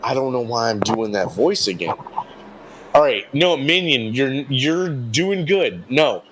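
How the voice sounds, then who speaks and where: A man in casual tabletop role-play, restarting his sentences and apologising as he goes. He speaks slowly at a middle pitch. A faint hiss sits in the background. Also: animated, a bit bright, low-quality recording. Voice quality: stammering, rambling, apologetic. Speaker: player.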